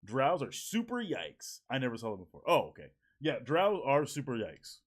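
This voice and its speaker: Lively, profane streamer man. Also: mid-range voice, moderate pace. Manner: profane, joking, laughs often. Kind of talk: casual live-stream chat reacting to viewers. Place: home at evening.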